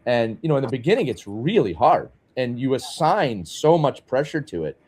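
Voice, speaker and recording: A man's voice: medium pitch, very animated, moderate pace, darkish tone, husky. A man co-hosting a podcast interview, talking conversationally and chuckling between thoughts. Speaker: podcast co-host.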